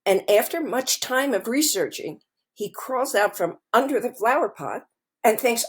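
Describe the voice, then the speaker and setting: A middle-aged woman co-hosting a podcast, talking casually and telling stories in a slow, thoughtful way. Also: on the high side, expressive, slightly rough. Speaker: podcast co-host. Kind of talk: casual conversation.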